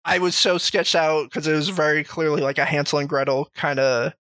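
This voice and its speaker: A man's voice: a little high, flat delivery, a little fast, a bit bright, no echo. A man in casual chat about a video game, rambling and swearing freely as he tells stories.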